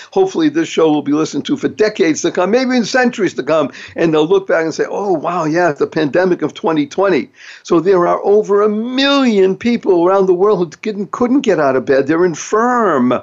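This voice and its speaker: Upbeat guy hosting a positivity show, kinda high voice, slightly dull lo-fi sound. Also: a little mellow. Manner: upbeat, emphatic, with wordplay. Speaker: host. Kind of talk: motivational talk show monologue.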